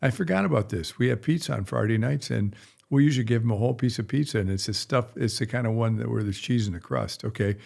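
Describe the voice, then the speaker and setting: Gravelly, rambling middle-aged man vet. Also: medium pitch, steady tone, quick pace, darkish tone. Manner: rambling, folksy, blunt. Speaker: veterinarian. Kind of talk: casual podcast chat.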